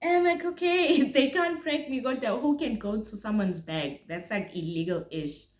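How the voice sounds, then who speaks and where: A young South African woman telling a storytime in a casual, animated way, laughing often and mixing isiZulu words into her English. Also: fairly high pitch, moderate pace, reverberant.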